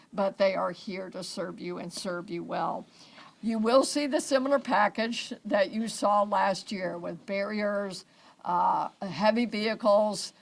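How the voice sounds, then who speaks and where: A woman's voice: medium pitch, vocal fry, rough recording. A woman police chief speaking at a press conference in a conversational, reassuring way. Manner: conversational, reassuring, some fillers and restarts. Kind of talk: press briefing remarks.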